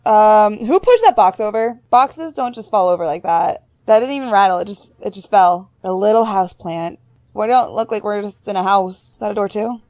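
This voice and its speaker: A woman's voice: mid-range voice, darkish tone, dry recording. A young woman playing through a horror game demo, chatting, reacting and talking to things she finds on screen. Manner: chatty, jumpy, talks to objects on screen. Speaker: gaming YouTuber. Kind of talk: horror game let's play.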